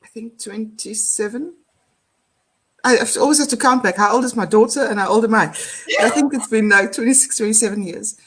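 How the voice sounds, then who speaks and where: A woman's voice: on the high side, a little fast, a bit bright, husky. A middle-aged woman from South Africa with a South African accent, speaking reflectively as an interview guest, with many fillers and restarts. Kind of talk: casual interview conversation.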